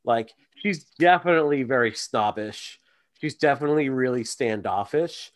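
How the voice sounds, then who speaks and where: A man's voice: mid-range voice, moderate pace. A man hosting a podcast, chatting casually with many fillers and asides. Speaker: podcast host. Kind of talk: casual chat.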